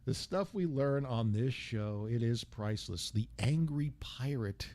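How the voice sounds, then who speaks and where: A man's voice: medium pitch, expressive, measured pace, darkish tone. A man hosting a radio talk show, joking and bantering crudely between clips.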